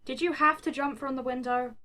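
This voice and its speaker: A man's voice: very high-pitched, steady tone, fairly quick, pushed and bright, voice pushed up. A woman voicing a cocky, teasing young male hero with wings who talks in casual slang. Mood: exasperated.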